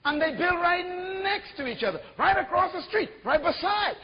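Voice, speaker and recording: Male pastor, animated sermon, rhetorical questions, long hall reverb, dull recording. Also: very high voice, normal speed.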